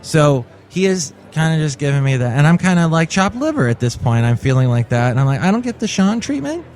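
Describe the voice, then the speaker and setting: A man's voice: mid-range voice, animated, fairly quick, darkish tone, soft background music. A man in his forties hosting a comic solo podcast, telling stories in a wry, jokey way. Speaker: podcast host.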